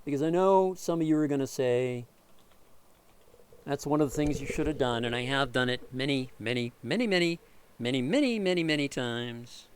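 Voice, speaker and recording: This vlogger talks at a normal speed, with a little hiss or hum in the audio, as he rants through a computer repair over a screen recording. He's fed up and sarcastic, swearing freely and mocking others with shrill impressions.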